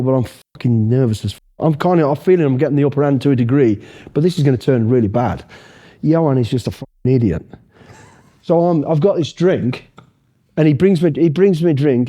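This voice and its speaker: Middle-aged man, very dark mellow voice, fairly high pitch, sweary, animated storytelling. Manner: profane, animated, acts out the dialogue. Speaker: interview guest, ex-soldier. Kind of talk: casual storytelling in an interview.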